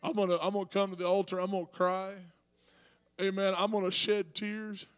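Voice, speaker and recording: High-voiced preaching pastor. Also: male voice, level tone, fairly quick, clean tone. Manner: rising to shouted preaching; talks to congregation with asides. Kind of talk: sermon.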